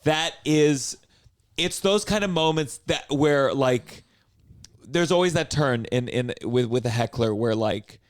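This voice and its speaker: A man's voice: mid-range voice, unhurried, dry recording. Casual, cursing male podcast host. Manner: easygoing, swears freely. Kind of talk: casual interview chat.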